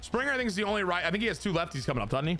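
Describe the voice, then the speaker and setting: A man giving casual, excitable commentary on his own baseball video game play, talking to his chat and swearing. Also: sits high, rapid-fire, faint music behind. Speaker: gaming streamer.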